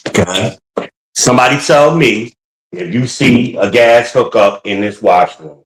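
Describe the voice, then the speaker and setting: A man hosting a podcast, ranting in a casual, profane, animated way while walking around his home with a handheld phone. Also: fairly low pitch, breathy edge, low-quality recording. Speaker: podcast host. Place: at home, moving between rooms.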